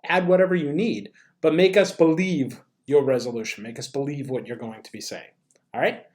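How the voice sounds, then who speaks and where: A man's voice: medium pitch, a little fast, darkish tone, low-quality recording. A man teaching an acting lesson to students on video, upbeat and playful as he coaches and performs a sample monologue.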